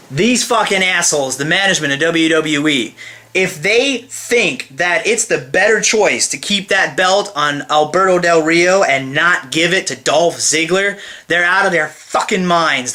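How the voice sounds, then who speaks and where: Man, high bright voice, angry swearing review rant, exasperated delivery. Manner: heated, swears constantly, exasperated. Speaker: wrestling event reviewer. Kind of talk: profane ranting review.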